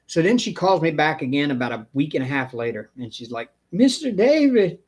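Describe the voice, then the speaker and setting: A man's voice: medium pitch, animated, quick pace, husky. A man hosting a live stream, telling a long story in a rambling, casual way. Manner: rambling storyteller, acts out the people he quotes. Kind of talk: casual chat.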